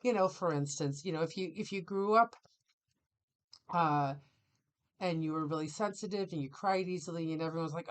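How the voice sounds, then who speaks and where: A middle-aged woman therapist hosting a casual podcast conversation, animated and quick to act out other people's voices. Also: fairly low pitch. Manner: animated, acts out clients' voices in quotes.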